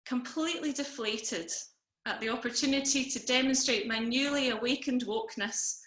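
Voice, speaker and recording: Bright, wry woman telling a funny story. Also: on the high side, moderate pace, echoey room. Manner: wry, self-deprecating comic storytelling. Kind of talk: personal story told to an online audience. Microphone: video call.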